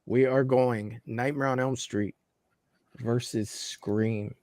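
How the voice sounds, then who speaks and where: A man co-hosting a casual livestream chat about horror films, relaxed and hedging his opinions with fillers. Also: medium pitch, takes it slowly, dry recording, clean studio sound. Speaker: livestream co-host.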